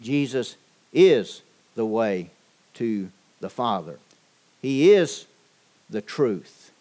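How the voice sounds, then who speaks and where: A man preaching a sermon, measured and deliberate, with frequent pauses and fillers. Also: medium pitch, sing-song, dark tone. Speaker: pastor.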